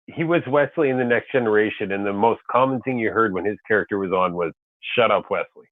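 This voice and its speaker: A man's voice: lowish voice, quick pace, no room sound. A man in a casual group chat, explaining show background matter-of-factly over a tinny line.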